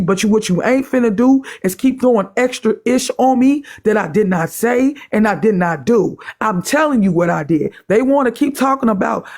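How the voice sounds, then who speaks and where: A man with a rather high voice argues on a phone live stream. He is defiant and sarcastic, hammering the same point again and again. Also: a little mellow. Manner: defiant, sarcastic, repeats himself. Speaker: livestream guest. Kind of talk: heated live-stream argument.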